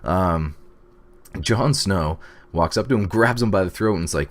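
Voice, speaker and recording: Deep-voiced guy rambling thru a tv episode recap, lots of ums, gets hyped. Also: unhurried, slight background noise. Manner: excited, rambling recap with many fillers and acted reactions. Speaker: TV episode reviewer. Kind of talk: casual video review.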